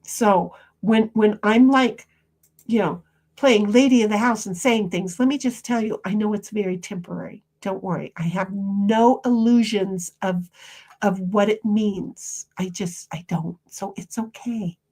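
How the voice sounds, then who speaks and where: A woman live streamer chatting casually and reading viewer comments aloud, rambling with frequent restarts and soft trailing asides. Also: mid-range voice, unhurried.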